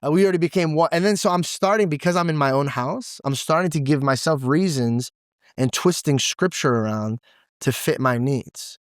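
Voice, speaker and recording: A young man gives an open, emotional interview as the guest, his words pouring out in loose casual slang. His voice sits at a middling pitch and sounds dry and close, with no room around it. He talks with real feeling and is near tears at times. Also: normal speed, clear, resonant tone, no room sound. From Assyrian heritage, grew up in a church. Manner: animated and expressive, says "dude" and "bro" a lot. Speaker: podcast guest. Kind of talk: emotional, candid interview talk.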